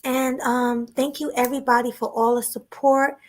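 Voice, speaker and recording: A woman hosting a casual live-stream chat, relaxed and chatty, thanking her viewers. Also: high-pitched, normal speed. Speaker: host.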